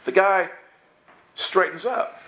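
With a high voice and an unhurried delivery, a man recounts a comic episode from his life to a church audience, chuckling and playing out his thoughts in a lively way.

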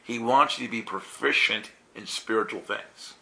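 A man preaching a lively sermon to listeners, telling stories with laughter and acting out the voices of the people in them. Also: fairly low pitch, moderate pace, vocal fry. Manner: animated, laughing, acts out quoted voices.

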